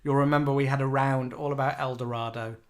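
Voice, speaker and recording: A man's voice: mid-range voice, fairly even intonation, fast. A middle-aged English man co-hosting a casual live chat, reading out viewer comments and giggling often. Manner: chatty, giggly, reads out comments. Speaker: podcast co-host.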